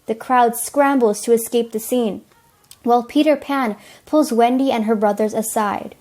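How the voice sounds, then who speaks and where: A woman's voice: fairly high pitch, moderate pace, mellow. A teenage girl reading plain storybook narration for a school play. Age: teens.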